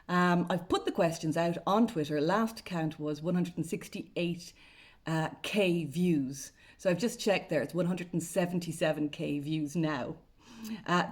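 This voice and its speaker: An Irish woman journalist talks casually to camera in a dry, sarcastic way. Her voice sits a little low for a woman, and her delivery stays chatty and knowing. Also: normal speed. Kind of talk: casual vlog commentary.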